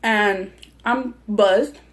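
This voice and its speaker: Speaking extremely slowly in a mid-range voice, a young mukbang vlogger recounts a heated, profanity-laced personal story as she eats on camera, restarting often in this casual chat over food.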